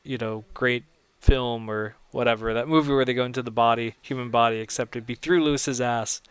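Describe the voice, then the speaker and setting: A man's voice: mid-range voice, steady tone, fairly quick, clean tone, no room sound. A young man giving casual audio commentary on his own film, rambling and chatty, often laughing at his own jokes.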